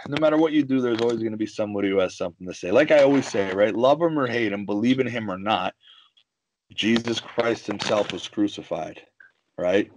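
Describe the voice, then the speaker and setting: A man telling stories in a casual podcast chat, animated and swearing freely. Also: on the low side, brisk, background noise. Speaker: guest, jiu-jitsu coach and fighter.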